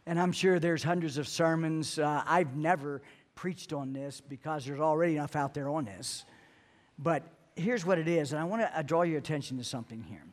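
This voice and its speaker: A man's voice: a little high, moderate pace. A middle-aged man preaching a sermon as pastor, earnest, often repeating words as he builds to a point.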